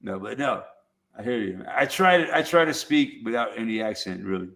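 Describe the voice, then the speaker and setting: A man's voice: fairly low pitch, expressive, brisk, creaky, fairly bright tone. An easygoing man from Southern California talks off the cuff on his YouTube channel. He speaks bluntly, swears without a second thought and laughs easily. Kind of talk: casual chat.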